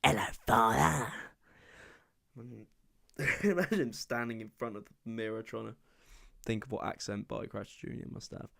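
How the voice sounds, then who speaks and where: A man's voice: fairly low pitch, lively intonation, brisk, creaky. A young man from England hosting his own podcast alone, chatting casually and rambling from topic to topic. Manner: rambling, chatty, self-deprecating. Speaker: podcast host. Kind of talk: casual solo podcast chat.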